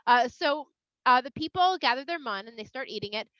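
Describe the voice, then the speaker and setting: Bright, lively woman telling a kids' story. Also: high-pitched, fairly quick, dry recording. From Toronto, Canada. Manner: animated, expressive, playful asides. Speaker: children's Bible storyteller. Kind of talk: storytelling for kids. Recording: slightly dull, dry sound.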